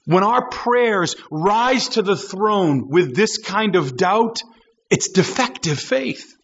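A man's voice: sits high, expressive, slow, slightly rough, highs cut off. A man preaching a sermon, emphatic and driving home his points with repeated rhetorical questions.

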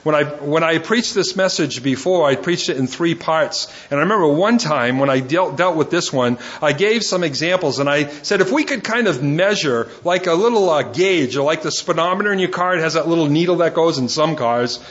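A man's voice: on the high side, animated, brisk, few pauses, fairly bright tone. A man preaching a sermon in an earnest way, often repeating words as he gives everyday examples. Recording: dull lo-fi sermon recording.

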